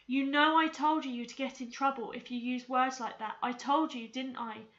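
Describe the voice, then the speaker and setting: Stern, measured uncle scolding a child, read by a woman from a storybook, high bright voice, muffled recording. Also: steady tone. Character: stern grown man, a girl's strict uncle.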